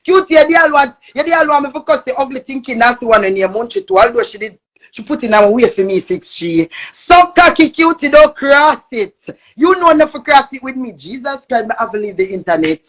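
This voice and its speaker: A young woman with a Jamaican accent ranting angrily on a live stream, cursing and shouting. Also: high voice, expressive, a little fast. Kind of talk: angry live-stream rant.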